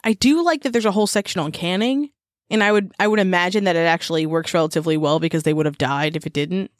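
A woman's voice: fairly low pitch, quick pace, no room sound, clean studio sound. A woman co-hosting a casual podcast who reads old book passages aloud and adds wry, laughing asides. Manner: animated, laughing, wry asides while reading. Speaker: podcast co-host.

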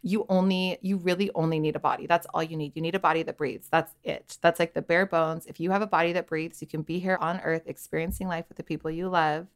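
A woman's voice: low-pitched, fairly even intonation, quick pace, few pauses. A woman in her thirties, a podcast guest, candidly telling a personal story in a chatty way, often quoting her own thoughts. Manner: candid, chatty, full of "like" and quoted inner thoughts.

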